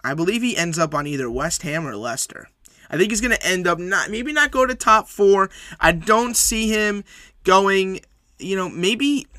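A man's voice: high voice, lively intonation, moderate pace, bright, forceful tone, dry recording, studio quality. A man hosting a solo sports podcast, recapping match results and making emphatic, opinionated predictions that he repeats for weight.

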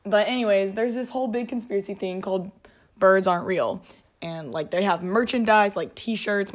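A woman hosts a casual solo podcast from her home. She rambles in a chatty way, full of fillers and restarts, and is clearly amused by her own jokes. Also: mid-range voice. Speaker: podcast host. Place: at home, alone.

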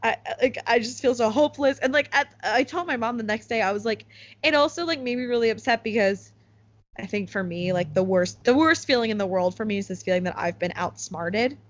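A woman's voice: on the high side, fairly quick. A young woman from the United States hosting a podcast in casual chat, with lots of "like" fillers. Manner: chatty, full of "like" fillers. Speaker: podcast host. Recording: slightly muffled podcast recording.

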